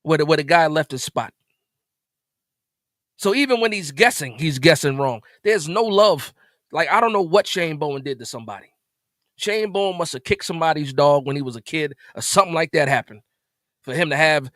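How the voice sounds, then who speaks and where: A man hosting a live stream, ranting in an exasperated way after a game, repeating himself and jumping suddenly louder. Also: on the high side, lively intonation, moderate pace, pauses often, dry recording, clean studio sound. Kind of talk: animated post-game rant.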